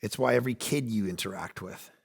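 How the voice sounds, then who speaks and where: A man in his forties preaching a sermon as pastor, animated, acting out quoted voices and swinging between loud and hushed delivery. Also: on the low side, fairly quick, gravelly, breathy edge. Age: 40s.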